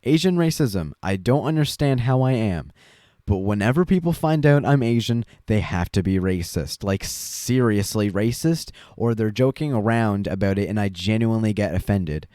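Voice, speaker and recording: Podcast host, young man, low voice, unhurried and wry, dry close sound. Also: animated, dark tone, no echo. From Chinese family background. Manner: rambling, wry, many fillers. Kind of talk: casual monologue.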